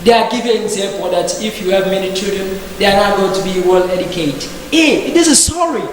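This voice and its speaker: A man's voice: high voice, lively intonation, fairly quick. A man giving an impassioned, indignant speech in a discussion group, repeating rhetorical questions. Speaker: debate participant. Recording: very echoey hall with faint background noise.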